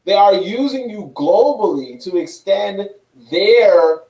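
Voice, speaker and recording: A man's voice: high voice, lively intonation, takes it slowly, warm tone, reverberant, far from the mic, low-quality recording. A man in a casual podcast discussion who rambles through his points with many fillers and some swearing.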